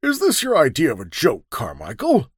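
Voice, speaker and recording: A man's voice: on the high side, huge pitch swings, moderate pace, breathy edge, no echo, clean studio sound, voice pushed up, exaggerated voice. A man voicing a brusque, impatient male executive in a dramatic story reading, with clipped, curt speech.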